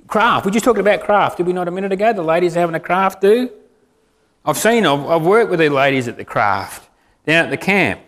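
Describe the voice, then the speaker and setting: A man's voice: on the high side, a bit bright. A man preaching a sermon in a conversational way, asking the congregation questions. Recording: reverberant hall.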